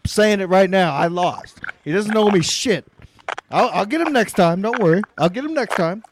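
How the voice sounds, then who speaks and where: A man's voice: sits high, animated, normal speed, background noise. A man co-hosting a podcast, swearing and laughing through rowdy casual banter. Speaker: podcast co-host.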